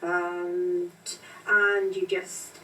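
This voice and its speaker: A woman's voice: on the low side, flat delivery, extremely slow. An older woman, a grandmother, chatting eagerly about her knitting in a casual family conversation. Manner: chatty, warmly enthusiastic about her craft. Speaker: grandmother and knitter being interviewed. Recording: distant mic with faint noise.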